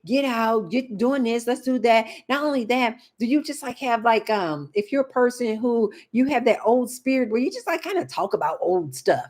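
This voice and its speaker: A lifestyle vlogger talks casually to the camera, chatty and emphatic, often turning to address her viewers directly. Her voice is a little high and a little mellow.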